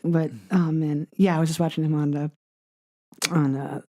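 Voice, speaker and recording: A man's voice: a little high, flat delivery, normal speed, dark tone. A man co-hosting a podcast in casual chat, rambling with lots of filler words and frequent laughs. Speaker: podcast co-host.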